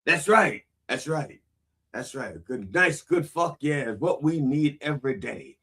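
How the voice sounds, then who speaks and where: A man's voice: fairly high pitch, lively intonation, unhurried, bright, forceful tone, breathy edge. A man hosting a comedy show as a bawdy, preacherly reverend, with an American accent, often repeating "that's right.". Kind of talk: parody sermon.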